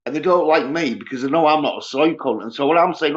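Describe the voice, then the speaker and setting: A man's voice: on the high side, fast. A man, ranting scornfully and profanely on a casual livestream while reading viewers' comments. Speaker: livestream host. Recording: dull lo-fi sound.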